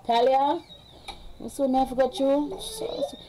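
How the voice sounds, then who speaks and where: A woman's voice: sits high, big pitch swings, normal speed, mellow, slight background noise, poor audio. A woman with a Jamaican accent chatting casually on a live stream at home. She rambles along and breaks off to give her children orders.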